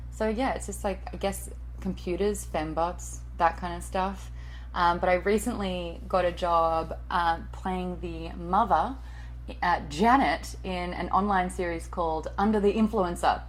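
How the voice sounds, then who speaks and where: A woman's voice: fairly low pitch, moderate pace, low-quality recording. Chatty self-mocking woman host. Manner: chatty, self-deprecating, swears casually. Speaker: TV and radio host, voice-over artist. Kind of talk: answering interview questions.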